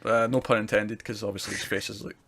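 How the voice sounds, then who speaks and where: A man's voice: on the low side, level tone, fast, fairly bright tone. A man, co-hosting a casual TV review chat, rambling and laughing often. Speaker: podcast co-host reviewing TV.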